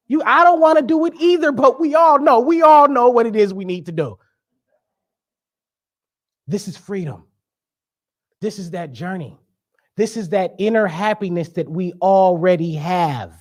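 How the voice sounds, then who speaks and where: A young man giving a sermon as a guest speaker, conversational and joking, with emphatic preaching. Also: high voice.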